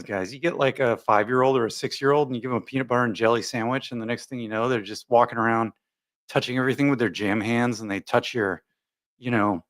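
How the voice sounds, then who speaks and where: This man's voice is mid-range and fairly bright. He's a livestream host who reads out comments from viewers and rambles on casually, laughing often.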